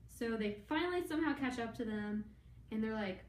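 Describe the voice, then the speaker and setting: A woman's voice: on the high side, fast talker, a little mellow. A young woman in a tipsy, rambling comic retelling, acting out characters' lines as she goes. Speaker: drunk storyteller. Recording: echoey room from a distance, faint background noise.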